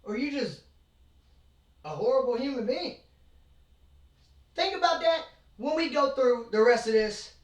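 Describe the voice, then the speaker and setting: A host chatting casually about manga from their own bedroom, rambling and excitable with jokes and asides. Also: high voice, a little slow, pauses often. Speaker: channel host. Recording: roomy, from far off.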